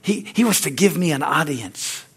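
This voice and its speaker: A man's voice: expressive, normal speed, creaky, breathy edge. A middle-aged man preaching a sermon in church, fervent, with repeated words and frequent amens. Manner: stories grow loud and high-pitched. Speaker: pastor.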